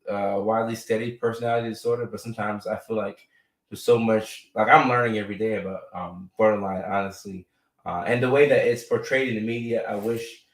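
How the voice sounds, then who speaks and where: This fairly low-pitched male streamer from the United States talks casually, leaning on fillers and tacking "right?" onto his remarks. The mic is distant and the room echoes, so he comes across a bit off-mic.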